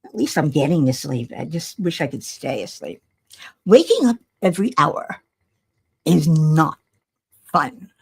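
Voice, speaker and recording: A worn-out older woman chats away on a home livestream, half to herself, wry and rambling. Her voice is husky and gravelly, and her pitch swings up and down a lot. She talks slowly, as if yawning through it. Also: expressive. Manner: rambling, self-talking, wry and chatty. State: tired, yawning. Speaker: livestream host. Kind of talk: casual chat while crafting.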